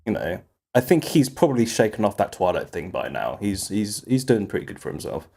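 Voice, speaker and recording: A man's voice: fairly low pitch, big pitch swings, brisk, gravelly, dark tone, slightly rough. A man co-hosting a podcast in casual chat, chatty, laughing often and poking fun at himself. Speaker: podcast co-host.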